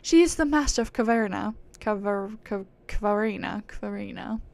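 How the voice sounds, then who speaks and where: A woman's voice: medium pitch, moderate pace, creaky, a little mellow, no echo, close to an everyday voice. A woman voicing a haughty, aloof female spirit in a put-on British accent, talking in a lofty, commanding way. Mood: grandiose.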